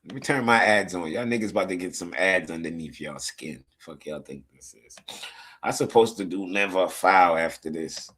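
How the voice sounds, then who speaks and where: A man's voice: deep voice, moderate pace, fairly bright tone. A man with a New Jersey accent hosting a casual football watch-along stream, talking in a loose, profane way, repeating himself and laughing often, sounding tired. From Newark, New Jersey, USA. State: tired, yawning. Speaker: live stream host.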